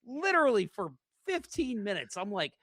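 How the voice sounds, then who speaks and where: A podcast host from St. Louis tells stories in casual chat. His fairly high voice swings widely as he acts out the people he quotes. The sound is close and dry. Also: very animated, normal speed, a bit bright, no echo. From St. Louis, USA.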